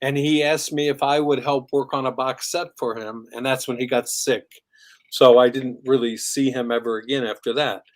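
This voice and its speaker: An older man, a guest on a podcast, telling animated stories with laughs and acted-out quotes in a casual chat. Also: medium pitch, normal speed. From United States. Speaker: podcast guest, music industry veteran.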